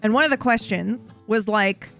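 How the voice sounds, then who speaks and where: A woman's voice: medium pitch, normal speed, gravelly, fairly bright tone, soft background music. A woman casually recapping a roleplay story, rambling, swearing and correcting herself as she goes. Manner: rambling, profane, self-correcting.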